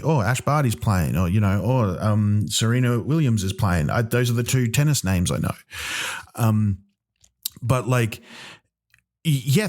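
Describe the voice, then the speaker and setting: Man, comedy podcast host, mock-outraged rant, halting, lots of ums. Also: mid-range voice. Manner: rambling, halting, with many ums and restarts; mock-outraged, exaggerating for laughs. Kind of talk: comic rant.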